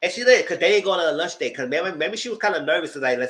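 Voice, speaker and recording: A man giving a chatty, animated recap of a TV show, talking straight to his viewers. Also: on the high side, racing, hardly any pauses. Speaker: vlogger recapping a reality show. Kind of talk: casual commentary. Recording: roomy echo.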